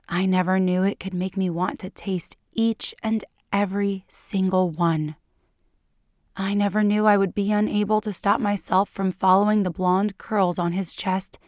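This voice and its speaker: A woman reading fiction aloud in a soft, hushed, unhurried way that sometimes drops to a whisper. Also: medium pitch, no room sound, studio quality. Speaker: audiobook reader.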